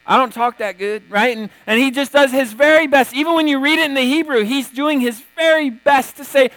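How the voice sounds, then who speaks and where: A man's voice: extremely high pitch, a little fast, a bit bright, no echo, low-quality recording. A man preaching a sermon in a casual, conversational way, often checking in with "right?" and retelling scripture stories with energy. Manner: conversational, tags many points with "right?". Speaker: pastor.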